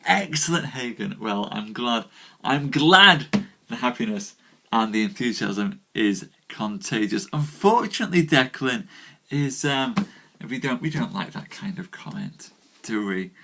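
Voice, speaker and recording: Animated man greeting live viewers. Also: mid-range voice, measured pace, gravelly. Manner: animated, greets viewers warmly by name, self-deprecating. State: a little tired. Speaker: live-stream storyteller. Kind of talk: casual live-stream chat with viewers. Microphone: webcam or desk mic on a live stream.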